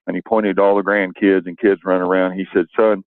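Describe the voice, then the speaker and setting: Older male guest on a tinny phone line, deep-voiced, halting, emotional storyteller. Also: monotone, no room sound. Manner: emotional, halting, with many fillers. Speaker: radio interview guest. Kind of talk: storytelling and poem reading over the phone. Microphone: telephone.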